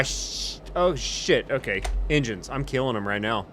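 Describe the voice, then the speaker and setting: A man's voice: medium pitch, lively intonation, a little slow. Panicky, swearing man playing a pilot. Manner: panicky, profane, lurching between muttering and shouting. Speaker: flight sim streamer. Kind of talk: comedic role-play as an airline pilot.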